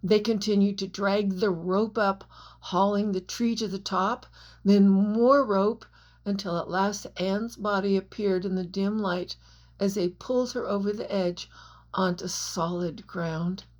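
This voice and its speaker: A woman reading her own novel aloud as audiobook narrator, in a measured storytelling manner. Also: medium pitch, fairly even intonation, a little mellow.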